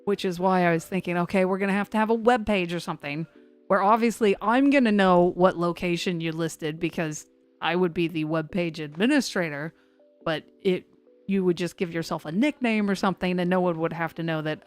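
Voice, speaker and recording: A woman's voice: fairly low pitch, brisk, soft background music. A woman hosting a severe weather live stream, chatting loosely and poking fun at herself as she talks to her chat. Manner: rambling and self-mocking, talks to chat.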